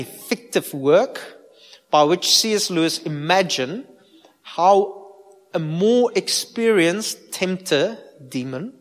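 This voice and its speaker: A man's voice: on the high side, a bit bright. A man, a pastor giving an informal sermon and asking his listeners direct questions. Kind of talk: conversational sermon. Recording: long hall reverb.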